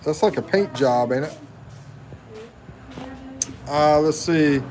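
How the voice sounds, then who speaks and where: A man in his fifties chats casually on a livestream, playful and joking as he reads out viewer comments. He talks slowly in a slightly raised voice. A faint hum of room noise sits behind him. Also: a little high, lively intonation, darkish tone. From United States. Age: 50s. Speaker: livestream host.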